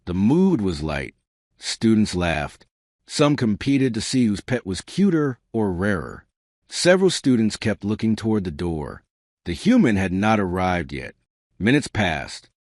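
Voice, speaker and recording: A man narrating a science fiction story with steady, scripted delivery. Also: on the low side, no echo, studio quality.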